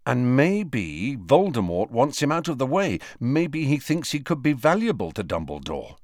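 Expressive male audiobook narrator. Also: mid-range voice, unhurried, no echo, clean studio sound. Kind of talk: scripted narration.

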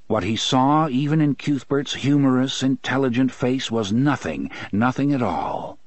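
A man's voice: medium pitch, no room sound. A man narrating a story in scripted audiobook style, shifting his voice for characters.

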